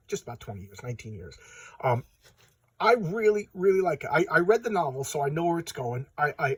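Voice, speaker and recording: A man's voice: medium pitch, slightly rough. A man casually retelling a comic's plot in a rambling, stammering way. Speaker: comic book reviewer.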